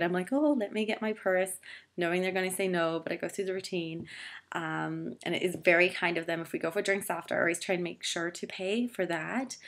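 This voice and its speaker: A woman's voice: fairly low pitch, a bit bright. A young woman vlogging casually to camera, chatty and full of filler words, poking fun at herself. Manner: chatty, filler-heavy, self-deprecating. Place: Toronto.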